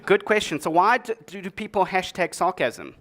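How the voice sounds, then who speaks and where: A man giving a tech talk from a conference stage, his voice sitting a little higher than most men's. He jokes in a dry, sarcastic way between his explanations. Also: expressive, normal speed, fairly bright tone. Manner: dry, joking delivery with sarcastic asides. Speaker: conference speaker. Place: conference stage before an audience.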